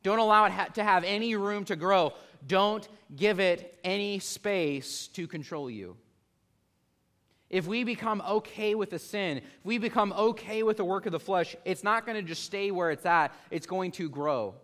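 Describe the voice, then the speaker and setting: A pastor in his thirties preaching a sermon earnestly, rising in force at key points and slowing down to read scripture. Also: high-pitched, a bit bright.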